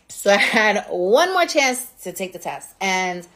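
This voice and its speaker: A woman in her thirties from New York with a New York accent, hosting a casual livestream and telling a story straight to her viewers in a candid, profane, animated way. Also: mid-range voice, unhurried. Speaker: livestream host.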